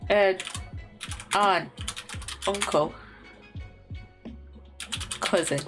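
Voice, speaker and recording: Young woman, game streamer, foul-mouthed, thinking aloud, unhurried, swooping pitch. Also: huge pitch swings, fairly bright tone. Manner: swears constantly, thinks aloud while guessing words. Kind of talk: casual game commentary. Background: faint lo-fi music.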